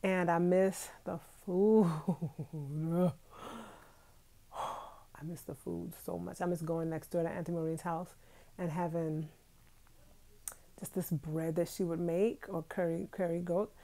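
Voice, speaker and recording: A woman in her thirties hosts a casual live stream from her bedroom at home, chatting directly to her viewers and laughing often. Her voice is fairly low, flat and warm, and she speaks slowly. Allergies have left her nose itchy.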